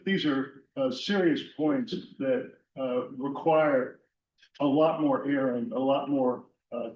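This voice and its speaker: Candidate man answering on the spot, hesitant, halting, far from the mic in a roomy hall. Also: medium pitch, a little mellow, slight background noise. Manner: hesitant, with many fillers and restarts. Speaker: select board candidate. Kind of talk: unscripted answer at a town meeting. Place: town meeting hall. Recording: distant, dull sound in an echoey hall.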